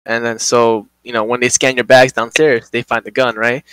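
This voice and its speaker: A young man hosting a podcast, telling a work story in casual, animated chat, swearing a lot and acting out quotes. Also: mid-range voice, normal speed, smooth, no room sound, rough recording.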